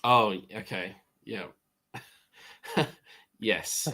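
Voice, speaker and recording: A man playing a tabletop game in casual chat, speaking slowly and hesitantly, and laughing often. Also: on the low side, sharp tone. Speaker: player.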